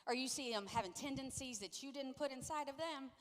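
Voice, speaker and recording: A woman's voice: high voice, a little fast. A middle-aged woman pastor preaching a sermon, telling stories and playfully acting out what people said. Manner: lively storytelling, playfully acting out quotes. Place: church sanctuary. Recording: long echo of a large church hall.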